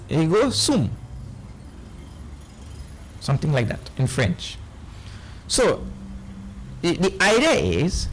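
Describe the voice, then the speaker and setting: A man with a Trinidadian accent giving a spiritual discourse to a live audience, animated and often quizzing his listeners. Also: sits high, slight background noise, rough recording. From Trinidad and Tobago. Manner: animated, questioning listeners, playful asides. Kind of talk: lively lecture on scripture.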